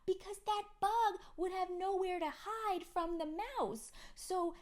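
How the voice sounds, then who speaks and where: A woman voicing her earnest little toddler daughter, who slowly and insistently explains things. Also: extremely high pitch, fairly even intonation, voice pushed up. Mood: insistent explaining. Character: earnest little girl, toddler, matter-of-fact.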